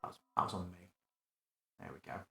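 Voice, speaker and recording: Speaking a little fast over loud music in an echoey room, a game master runs a live screen-recorded tutorial on a virtual tabletop. He casually talks through his thinking and corrects himself as the scene takes shape.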